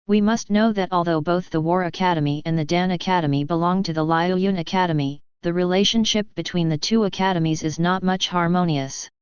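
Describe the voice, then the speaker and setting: Woman narrator, low voice, very smooth and clear, dry dull lo-fi sound. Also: dry recording. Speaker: audiobook narrator. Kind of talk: scripted narration.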